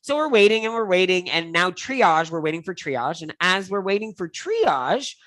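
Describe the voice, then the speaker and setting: Animated man telling a story, bright voice. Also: moderate pace, dry recording, low-quality recording. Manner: animated storyteller, acts out quotes with big pitch jumps. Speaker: co-host. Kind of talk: casual chat.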